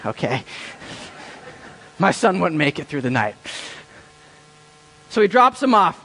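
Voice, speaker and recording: Man, high voice, pastor, storytelling sermon, repeats himself, long church reverb. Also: sing-song, a little slow, long pauses, a bit bright. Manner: storytelling with quoted inner voices, repeats words.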